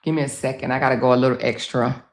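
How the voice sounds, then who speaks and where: A woman's voice: very deep voice, little pitch movement, very fast. A woman hosting a casual livestream, talking straight to her viewers and laughing easily. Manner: chatty, addresses viewers directly. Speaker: livestream host.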